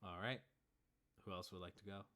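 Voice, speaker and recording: A man's voice: deep voice, fairly even intonation, brisk, bright, forceful tone. A man narrating as game master of a tabletop game, laid-back and full of fillers.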